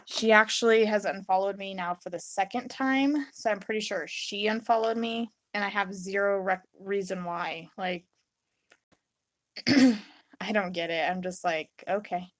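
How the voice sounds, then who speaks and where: A woman's voice: medium pitch, unhurried, no echo. Chatty young woman streaming her crafting. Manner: chatty and rambling, reads and answers chat; acts out her own reactions in quotes. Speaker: resin crafter live-streaming. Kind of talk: casual live-stream chat while crafting.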